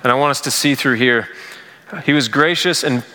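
A man's voice: medium pitch, moderate pace, sharp tone, long reverb tail. A man preaching a sermon in a casual, conversational way, full of fillers. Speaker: pastor.

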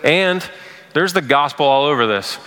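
A man's voice: fairly high pitch, lively intonation, normal speed, bright, forceful tone, smooth, in a large hall. A man preaching a sermon in a casual, conversational way, full of fillers. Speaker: pastor.

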